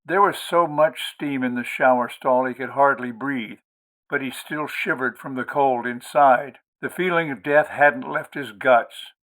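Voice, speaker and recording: A man hosting and narrating an audiobook in a measured, expressive way. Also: mid-range voice. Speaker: audiobook reader, host.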